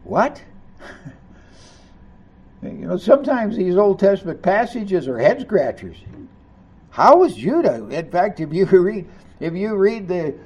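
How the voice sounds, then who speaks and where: A man preaching a sermon, reading scripture aloud and commenting on it, rising to loud emphasis on key lines. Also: high voice, big pitch swings, takes it slowly, long pauses, breathy edge, dull audio. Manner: reads scripture aloud and comments between passages.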